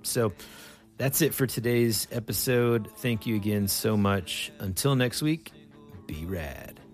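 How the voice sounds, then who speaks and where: Gravelly-voiced man hosting a podcast. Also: on the low side, slow, faint music behind. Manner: lively storyteller, loose and conversational. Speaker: podcast host. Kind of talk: casual chat.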